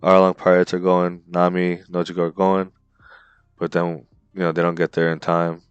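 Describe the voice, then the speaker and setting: A man co-hosting a podcast, recapping a story in an excited, slangy way and calling his co-host bro and dude. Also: low voice, normal speed, smooth, no echo, dull audio. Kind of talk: casual chat.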